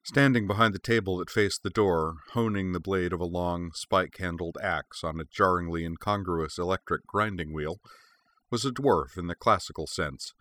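A man narrating an audiobook in a steady, measured reading. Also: low voice.

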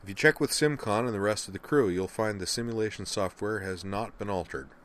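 A man voicing a relaxed, wry young cadet captain who talks in a dry, understated way, in a storybook reading. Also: on the low side, fairly quick, natural voice.

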